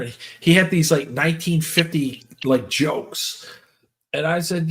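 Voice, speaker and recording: A man's voice: a little high, steady tone, normal speed. An older man chatting casually, rambling through stories and acting out what people said. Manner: rambling, lists names, acts out quotes. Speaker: podcast host. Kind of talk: casual storytelling chat.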